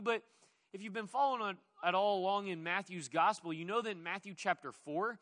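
Bright, animated male preacher. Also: high-pitched, fairly quick. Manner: animated, conversational, with playful asides. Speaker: pastor. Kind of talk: sermon.

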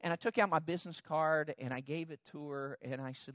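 Higher-voiced pastor telling a story. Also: male voice, fairly even intonation, fairly quick, few pauses, a bit bright, dry recording. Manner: conversational, self-deprecating anecdote with frequent restarts. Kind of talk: sermon storytelling.

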